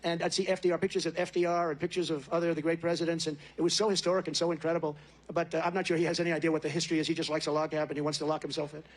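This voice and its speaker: A man's voice: a little high, little pitch movement, very fast. A man giving a campaign rally speech as a political candidate, rambling, boastful and full of repetition. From United States.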